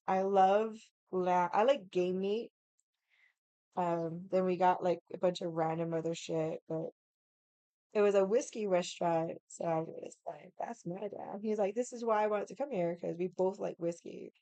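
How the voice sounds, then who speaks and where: A woman with a raspy voice from losing it, telling a casual story with lots of fillers, acted quotes and loud laughs. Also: on the low side, no room sound. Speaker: vlogger.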